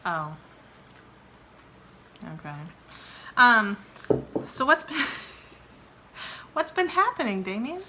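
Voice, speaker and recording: A woman's voice: on the high side, very slow, pauses often, slight background noise. A woman hosting a vlog, chatting casually and teasing her husband, laughing often. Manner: giggly, teasing, animated. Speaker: vlog host, wife. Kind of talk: casual chat.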